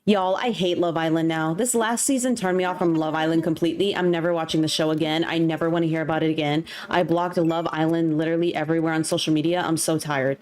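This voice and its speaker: A woman's voice: deep voice, fairly even intonation, fast talker, few pauses, darkish tone. Frustrated young woman ranting on stream. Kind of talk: casual livestream chat. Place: home. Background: faint background music.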